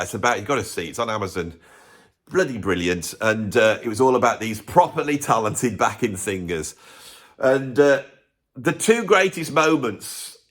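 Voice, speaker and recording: A man's voice: medium pitch, fairly bright tone. A man hosting a music channel, ranting his blunt opinions in casual talk to camera with chuckling asides.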